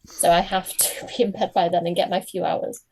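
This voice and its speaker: A woman's voice: fairly low pitch, flat delivery, normal speed, a little mellow, rough recording. Chatty British woman guest. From Britain. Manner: chatty, laughs often. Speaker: guest author. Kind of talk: casual chat.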